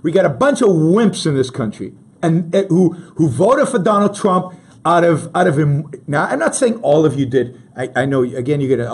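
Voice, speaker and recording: A man hosts a political talk show and delivers emphatic commentary straight to his audience. His voice sits high and a little husky, and his pitch swings widely as he pushes each point, often stopping to restart a sentence. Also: darkish tone. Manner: emphatic, addresses listeners directly, many restarts.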